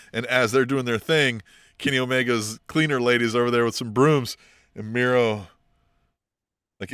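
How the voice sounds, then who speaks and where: A man's voice: mid-range voice, sharp tone, no echo, clean studio sound. A man co-hosting a wrestling podcast, talking casually, chuckling and asking "right?" as he goes. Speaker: podcast co-host.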